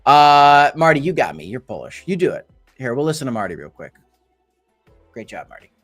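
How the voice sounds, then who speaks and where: A man's voice: medium pitch, sing-song, a little fast, soft background music. Rambling man streaming crypto commentary. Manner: rambling, with many fillers and restarts. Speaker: crypto channel host. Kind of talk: casual livestream market commentary.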